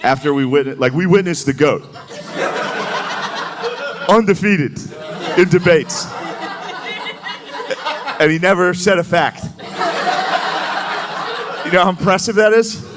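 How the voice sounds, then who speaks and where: A man's voice: high-pitched, takes it slowly, pauses often, noisy background. A man doing a stand-up comedy set before a live audience, talking in a loose, rambling way full of filler words. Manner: loose, rambling delivery with many filler likes. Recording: live show with crowd laughter. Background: audience laughter.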